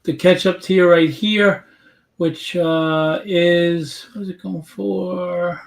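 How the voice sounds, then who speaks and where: Higher-pitched male host in an echoey room. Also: level tone, takes it slowly, gravelly. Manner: chatty, promotional. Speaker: livestream host. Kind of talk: casual livestream interview.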